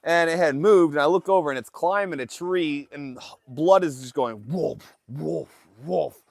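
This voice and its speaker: Here a man from Alaska streams live by phone from his fishing boat, telling a relaxed story to the chat and acting out how his family talks. The pitch is fairly high, the pace moderate, and there's no echo.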